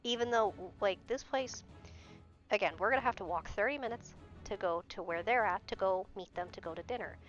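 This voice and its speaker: A woman's voice: medium pitch, brisk. A young adult woman streamer in casual chat, talking bluntly and swearing freely. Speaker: game streamer. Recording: dull lo-fi stream audio with faint music.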